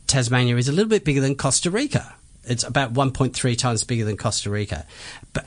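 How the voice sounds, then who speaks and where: A man co-hosting a podcast, teasing and joking in casual chat. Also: medium pitch. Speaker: podcast co-host.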